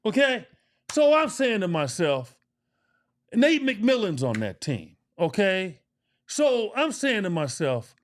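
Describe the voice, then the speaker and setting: High, lively-voiced middle-aged man telling stories. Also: takes it slowly. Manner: emphatic, repeats phrases for emphasis, swears. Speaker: podcast co-host and former pro basketball player. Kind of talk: casual storytelling.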